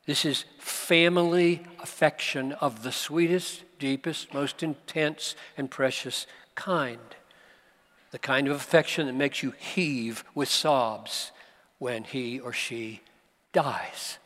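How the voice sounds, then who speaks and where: A man preaching a sermon at a conference, slow and emphatic, with dramatic pauses. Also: mid-range voice, steady tone, fairly bright tone. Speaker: pastor. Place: large conference hall. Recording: live hall recording with long reverb.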